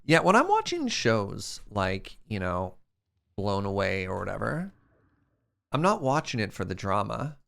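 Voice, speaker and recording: A man's voice: lowish voice, wildly swooping pitch, unhurried, creaky, a bit bright. A man streamer chatting casually with his chat while playing a game, laughing often.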